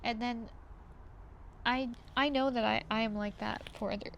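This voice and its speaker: A woman's voice: fairly high pitch, steady tone, normal speed, creaky, lo-fi sound, slight background noise. A young woman reflecting in a personal vlog, chatty and full of fillers, sometimes close to tears. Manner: emotional, near tears at times, with soft laughs. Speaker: vlogger.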